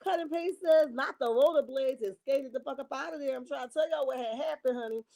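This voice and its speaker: A woman's voice: sits high, a little fast, gravelly, warm tone. A woman hosting a casual gossip livestream, reading viewer comments aloud and calling her viewers honey and baby. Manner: reenacts dramatic quotes. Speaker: livestream host reading chat.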